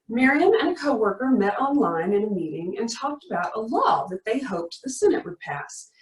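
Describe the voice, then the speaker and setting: A woman leading a worship service, reading a story aloud and then praying, in an earnest, gently emphatic way with repeated refrains. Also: sits high. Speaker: worship leader. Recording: roomy sound from a distance.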